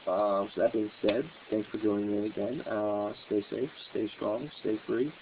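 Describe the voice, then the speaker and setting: A man hosting a political talk show in a rambling, halting monologue full of fillers, heard over a tinny phone-like line. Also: on the low side, steady tone, background noise. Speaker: political podcast host. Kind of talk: casual monologue.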